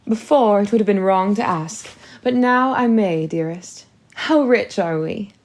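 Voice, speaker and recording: A woman's voice: mid-range voice, unhurried, a little mellow, close to an everyday voice. A woman reading an audiobook, voicing a fretful new stepmother with a pouty, whiny manner. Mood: wheedling. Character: bumbling, fretful new stepmother who pouts and wails.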